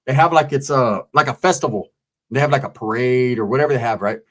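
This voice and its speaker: A man telling a story in casual, animated, slang-heavy talk, acting out the quotes and swearing often. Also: mid-range voice, fast talker.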